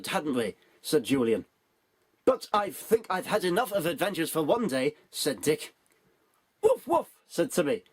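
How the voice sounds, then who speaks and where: A bumbling, self-important old man, as a man puts him on, reads his own storybook aloud with a husky voice. He is pitched high and swoops up and down, and he mangles words and snaps at himself. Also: no echo, full character voice. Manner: bumbling, forgetful, constant malapropisms and self-corrections; easily irritated, grumbling asides. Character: muddled pompous elderly male showbiz has-been reading his own storybook. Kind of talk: comic character reading of a parody children's story.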